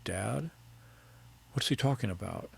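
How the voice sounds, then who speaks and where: A man voicing an anxious young woman who speaks in a hushed, uneasy way. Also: lowish voice, lively intonation, a little slow, vocal fry, breathy edge, no room sound, exaggerated voice.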